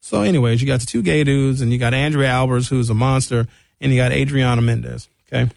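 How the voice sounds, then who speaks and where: A man hosting a talk radio show from a studio, ranting in an opinionated monologue and mocking people with high comic voices. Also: fairly even intonation, fast talker, creaky, a little mellow, dry recording.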